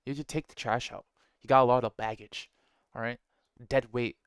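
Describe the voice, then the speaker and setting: Brief: male host, casual motivational monologue, blunt and profane, smooth clear voice, dry close sound. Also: medium pitch, fairly even intonation, brisk, dry recording. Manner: blunt, profane, slangy, rhetorical "right?".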